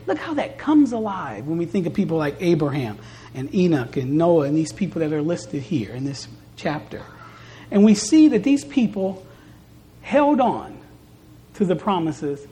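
A woman preaching a sermon at a church service, stressing points by repeating phrases and moving between soft and loud delivery. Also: on the low side.

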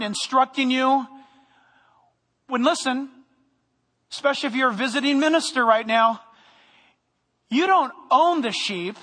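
Male pastor, high bright tone, humorous energetic sermon, long church-hall reverb. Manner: animated preaching with humor, sometimes loud. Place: church sanctuary.

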